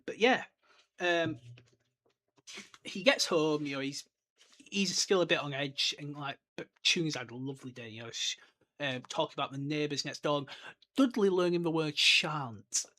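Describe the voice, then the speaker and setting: A man's voice: a little high, moderate pace, pauses often, sharp tone. A young man hosting a solo podcast, chatting enthusiastically and rambling off on tangents. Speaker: podcast host. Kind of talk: casual solo podcast book discussion.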